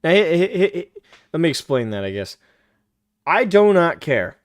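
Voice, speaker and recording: A man's voice: a little high, sing-song, normal speed, dry recording. A male live-stream host reacting to a clip, profane and mocking, laughing often as he talks.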